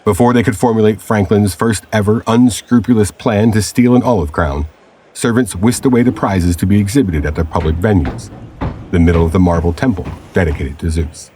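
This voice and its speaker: A man narrating a scripted audio adventure story in a measured storytelling manner. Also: fairly low pitch, dark tone, a little hiss or hum.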